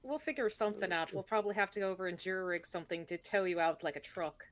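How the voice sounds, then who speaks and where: A woman's voice: lowish voice, fast, dry recording. A woman playing in a tabletop game, talking in a wry, practical way. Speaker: player. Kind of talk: casual tabletop game chat.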